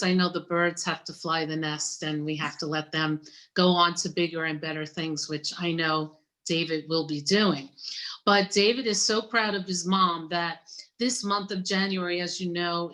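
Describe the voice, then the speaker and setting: A woman in her fifties hosts a relaxed interview over a video call. She talks in a chatty, effusive way, joking and heaping praise. Her voice sits slightly low for a woman. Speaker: interviewer, university gift planning director.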